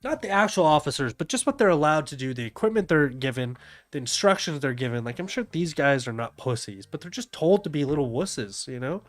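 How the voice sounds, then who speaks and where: A man's voice: a little high, big pitch swings, fairly quick. A man streaming a casual rant commentary over videos, blunt and profane, often sneering and laughing. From Canada.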